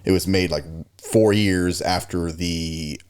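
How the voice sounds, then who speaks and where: A man with a low voice chats on a podcast. He gets worked up over movies he loved, swears freely and says dude a lot. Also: fairly even intonation, slow, a little mellow, smooth. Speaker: podcast co-host. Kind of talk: casual chat.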